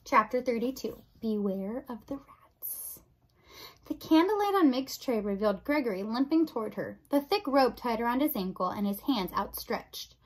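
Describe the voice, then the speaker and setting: A woman reading a children's novel aloud in an expressive storybook narration. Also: on the high side, brisk, few pauses, rough recording. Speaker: audiobook reader.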